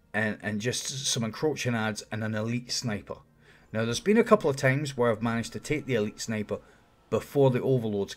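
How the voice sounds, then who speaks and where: A man talking viewers through a game run in a casual, explanatory commentary voice-over. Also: mid-range voice. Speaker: video game guide creator.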